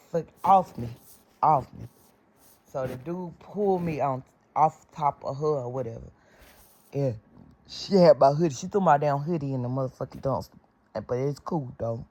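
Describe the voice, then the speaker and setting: A woman's voice: extremely low pitch, a little mellow. A middle-aged woman telling a casual storytime vlog story, blunt and full of profanity and sound-effect words.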